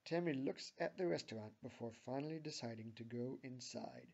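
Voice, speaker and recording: A man giving a deadpan, mock-serious amateur reading of a fan fiction story. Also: medium pitch, brisk, vocal fry, highs cut off.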